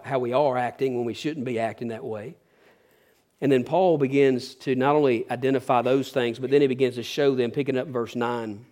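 A man preaching a sermon, lively and playful, slipping into sarcastic asides and dropping quiet at times. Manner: varies volume, dropping low for quiet asides. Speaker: pastor.

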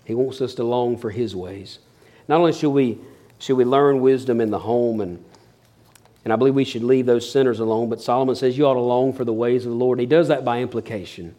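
A man's voice: medium pitch, steady tone, fast, mellow. A man preaching a sermon, telling funny stories in a folksy way, chuckling often and stumbling over restarts. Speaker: pastor. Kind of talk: sermon with humorous storytelling.

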